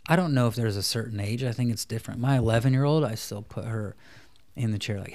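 A man's voice: mid-range voice, quick pace. Man acting out parenting talks. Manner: acts out parent and child dialogue in a soft voice. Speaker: parenting coach guest. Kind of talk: casual interview chat.

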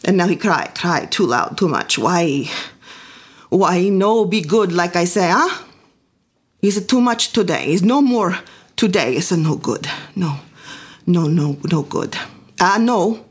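A woman's voice: lowish voice, expressive, unhurried, husky. A woman voicing a stern immigrant mother who scolds her children in broken English. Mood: scolding.

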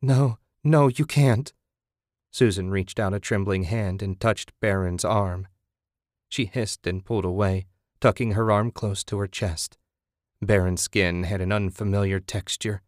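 A male narrator with a lowish voice reads a story in steady, measured scripted narration. The recording is dry and close, with no room sound. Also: no room sound. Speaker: audiobook narrator.

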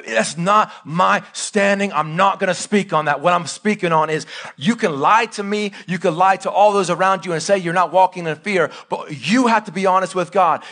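A pastor in his thirties delivers a live sermon in a fairly high-pitched voice, swinging between loud, urgent bursts and quiet, intimate asides while putting direct questions to the congregation.

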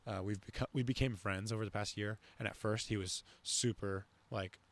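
In a casual podcast conversation, a young man rambles along with plenty of fillers and false starts. He speaks at a normal speed in a lowish voice with fairly even intonation.

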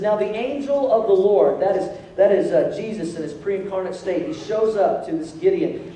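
High-voiced pastor preaching in echoey hall. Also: male voice, mellow. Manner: jokey, acts out voices of the figures. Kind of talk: sermon. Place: church sanctuary. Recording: echoey hall from far off, faint noise.

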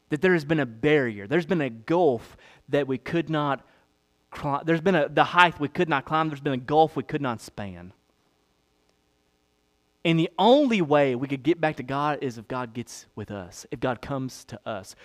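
Male pastor, 30s, sermon, fairly high voice, emphatic, repeats phrases, asks for amens, loud then hushed. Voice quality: swings from loud emphasis to low hush.

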